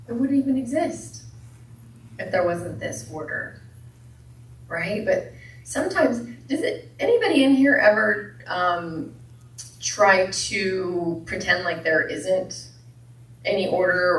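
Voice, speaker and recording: A woman minister giving a playful sermon with jokes, often asking the congregation questions. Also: medium pitch. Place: church hall. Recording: echoey hall from a distance.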